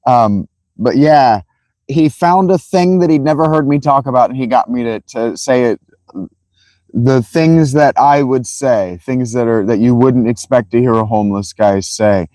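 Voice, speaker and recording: A man hosting a casual livestream, telling a rambling, profane, animated story to his viewers. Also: mid-range voice, measured pace, dry recording, poor audio. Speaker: livestream host.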